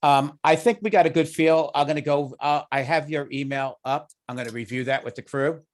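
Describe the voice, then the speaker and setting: A man's voice: a little high, brisk. A man with a Long Island accent chairing a committee meeting in an easygoing, conversational way, thinking aloud as he talks. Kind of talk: meeting discussion.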